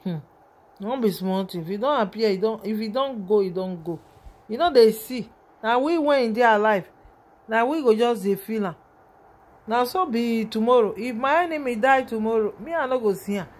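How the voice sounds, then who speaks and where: A woman's voice: fairly high pitch, expressive, normal speed, darkish tone. A woman with a Nigerian accent giving an emotional, rambling vlog commentary on a video, often calling out to her viewers.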